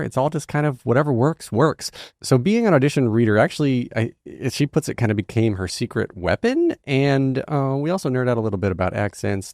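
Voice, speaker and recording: Podcast host, man, animated pitch, dry close sound, playful and joking. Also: no room sound. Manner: playful, self-deprecating, lively intonation. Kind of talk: casual interview chat.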